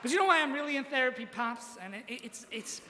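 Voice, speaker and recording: A young man with a very high, bright voice delivers a crude, self-deprecating roast from a stage mic in a large hall. His voice carries a long reverb tail, with faint ambience behind it. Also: lively intonation, fast, a little hiss or hum. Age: young adult. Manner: crude, self-deprecating jokes with rising shouted punchlines. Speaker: roast speaker. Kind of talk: stand-up roast set. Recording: live hall recording with reverb.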